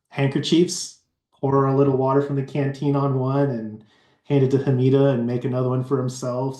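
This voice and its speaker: A man playing a tabletop game, describing his character's actions in a rambling, halting way. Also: mid-range voice, mellow, roomy sound. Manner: rambling, halting with fillers and laughs. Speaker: player.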